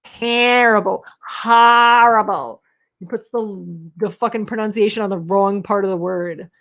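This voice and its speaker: A woman's voice: mid-range voice, fairly even intonation, moderate pace, darkish tone. A woman, co-hosting a casual livestream and teasing her partner with blunt, profane humor. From Long Island, New York. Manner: brash, teasing, swears freely. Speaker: co-host of a livestream show.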